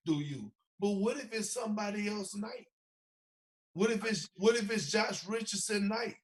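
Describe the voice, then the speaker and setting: A man co-hosting a casual sports podcast, talking in an emotional, worked-up, opinionated way. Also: high voice. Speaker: podcast co-host.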